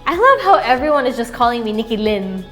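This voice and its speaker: A woman's voice: fairly high pitch, very animated, fast talker, fairly bright tone, faint music behind. A young woman from the Philippines answering viewer questions in a casual, rambling chat, laughing often and getting sentimental.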